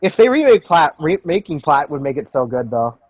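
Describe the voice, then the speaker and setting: A young man hosts a casual call with friends, his voice a little high for a man. He rambles in a joking, sarcastic way. The sound is dry and close. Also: sing-song, brisk, no echo, low-quality recording. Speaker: podcast host. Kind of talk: casual group chat over a voice call.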